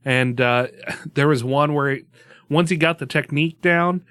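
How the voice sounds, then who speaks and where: A man's voice: fairly high pitch, a little slow, fairly bright tone, clean tone, dry recording, clean studio sound. A laid-back man co-hosting a gaming podcast, chatting casually and swearing freely. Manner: laid-back, swears often, laughs easily. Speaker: podcast co-host. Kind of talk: casual chat.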